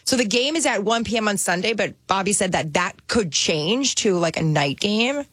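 A woman's voice: mid-range voice, animated, normal speed, fairly bright tone, breathy edge, dry recording. A woman from New Jersey, co-hosting a radio talk show in a chatty, bubbly way. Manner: chatty, bubbly, says "like" a lot. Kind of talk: casual chat.

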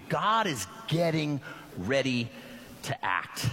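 A high, lively man's voice preaching a sermon and slipping into the voices of the biblical figures he reads about. His tone is bright and slightly husky. The sound rings with the long reverb of a church hall. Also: unhurried. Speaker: pastor. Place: church sanctuary.

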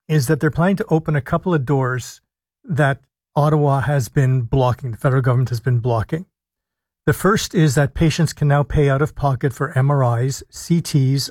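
A man hosts a live talk radio show from a studio, speaking as a doctor who lays out policy point by point. His voice sits a little high for a man, and the close studio mic leaves it dry with no room sound. He slows down to stress key words. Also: darkish tone, dry recording. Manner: measured, explanatory, stresses key words with deliberate pauses. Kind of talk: live call-in radio commentary. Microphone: studio microphone.

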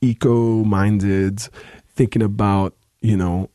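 A young man with a very deep, gravelly voice talks thoughtfully as an interview guest. He pauses often and restarts his sentences. His tone is dark and mellow, and the recording is dry and close. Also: dry recording. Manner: thoughtful, halting, many restarts. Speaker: musician guest. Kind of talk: casual interview talk.

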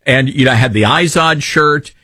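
A man's voice: medium pitch, moderate pace, pushed and bright, no room sound, clean studio sound. A man in his fifties hosting a talk radio show, rambling and jokey. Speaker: radio host.

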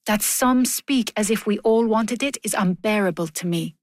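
A woman's voice: medium pitch, moderate pace, dry recording, studio quality. A woman reading a first-person voice-over in an earnest, weary, restrained manner.

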